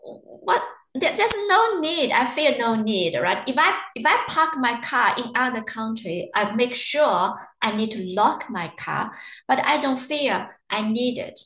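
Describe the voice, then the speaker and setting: Woman presenter, chatty and anecdotal, slightly high pitch, recorded with room echo. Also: very animated, a little slow, a bit bright. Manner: chatty, storytelling with acted quotes. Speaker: university webinar presenter. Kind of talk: casual webinar talk. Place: living in Ireland.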